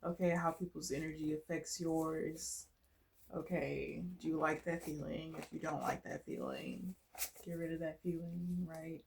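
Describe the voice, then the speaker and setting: A woman giving a casual collective tarot reading, talking bluntly and swearing freely. She laughs often and moves between quiet musing and loud, emphatic bursts. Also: low voice, measured pace, gravelly, a little hiss or hum. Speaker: tarot reader.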